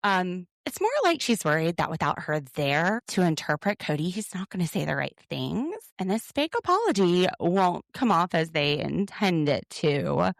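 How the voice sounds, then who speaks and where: A woman's voice: fairly low pitch, big pitch swings, normal speed, creaky, few pauses, no room sound, studio quality. A woman co-hosting a podcast, recapping a reality show in an opinionated, sarcastic way. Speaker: podcast co-host. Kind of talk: casual recap chat.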